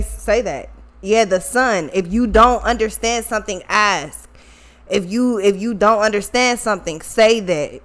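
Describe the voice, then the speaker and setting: A woman with features talks through a tarot reading in a loose, casual way. She is blunt, swears freely and circles back to repeat her point. Her voice sits at an ordinary middle pitch. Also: a bit bright. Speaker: tarot reader.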